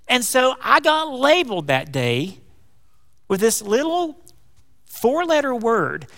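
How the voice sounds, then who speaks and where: A man preaching a folksy, animated sermon, calling his congregation y'all. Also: very high-pitched, takes it slowly, vocal fry. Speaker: pastor. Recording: long hall reverb.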